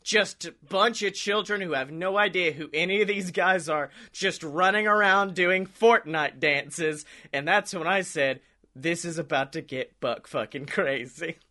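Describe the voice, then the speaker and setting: High, bright-voiced man telling stories. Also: unhurried. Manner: rambling, profane, laughs often, acts out quotes. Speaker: podcast co-host. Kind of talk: casual storytelling chat.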